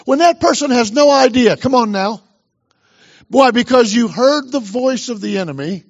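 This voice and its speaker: A man's voice: very high voice, lo-fi sound. A man pastor preaching a sermon with emphasis, urging the congregation on.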